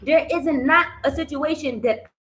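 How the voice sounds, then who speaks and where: A woman's voice: high voice, unhurried, a bit bright, a little hiss or hum, rough recording. A woman telling a personal story in a casual vlog, swearing freely and often repeating herself. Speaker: vlogger.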